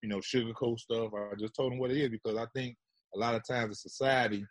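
A man's voice: medium pitch, steady tone, quick pace, no room sound. A man telling stories about fatherhood in laid-back, slangy casual chat, often tagging on "you know what I'm saying.". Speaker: guest.

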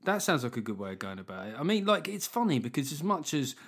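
A man's voice: on the high side, sing-song, quick pace, a bit bright, slightly rough. Chatty man hosting a podcast. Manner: swears freely, rambling with restarts. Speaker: podcast host. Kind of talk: casual chat.

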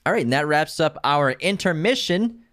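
A man co-hosting a podcast in casual chat, relaxed and often laughing as he runs a movie quiz. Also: fairly high pitch, moderate pace, no room sound, studio quality. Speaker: podcast co-host.

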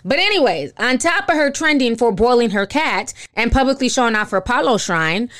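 A woman's voice: fairly high pitch, animated, fairly quick, a bit bright. A woman hosting casual gossip commentary, talking frankly in slang. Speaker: commentary host.

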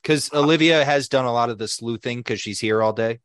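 A young man tells a rambling, profane story on a podcast and acts out the people in it. His voice sits at a middle pitch. The sound is close and dry, with no room echo. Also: a little fast, a bit bright. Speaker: podcast co-host. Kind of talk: casual storytelling chat.

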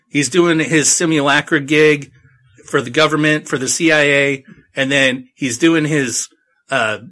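A man's voice: fairly high pitch, pushed and bright. A man hosting a casual book recap, rambling and irreverent, swearing freely as he goes.

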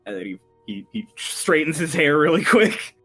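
A man's voice: fairly high pitch, expressive, moderate pace, a bit bright, slightly rough, soft background music. A man narrating as game master for a tabletop game, rambling and laughing often.

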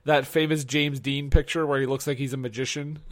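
A man's voice: mid-range voice, level tone, a little fast. A man chatting on a podcast about a film, making wry, blunt remarks and swearing. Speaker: podcast co-host. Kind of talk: casual chat.

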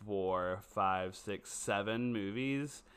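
A man's voice: on the low side, slow pace, clear, resonant tone. A man co-hosting a podcast in casual, jokey chat about a movie. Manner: chatty, animated, jokey. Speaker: podcast co-host.

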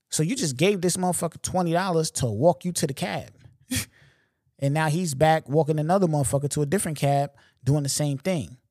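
A man's voice: fairly high pitch, a little mellow, no echo, clean studio sound. A man from Long Island hosts a podcast, telling stories in a loose, profane, slangy way and often saying "you know what I'm saying". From Long Island, New York. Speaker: podcast host. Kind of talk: casual storytelling monologue.

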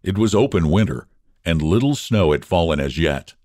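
Low-voiced guy reading a story aloud, lots of ups and downs, dry close sound. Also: no room sound. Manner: expressive, measured narration.

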